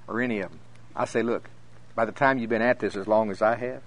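A man's voice: fairly low pitch, fast. A middle-aged man preaching a sermon to a congregation, telling stories and acting out the voices of the people in them. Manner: animated storytelling, acting out voices, laughing often.

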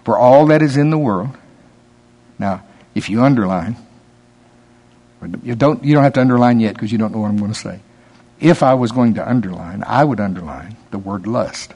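A man preaching a sermon in a conversational way, laughing and teasing his listeners, rising in pitch and volume when he stresses a point. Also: normal speed, pauses often, dark tone, breathy edge.

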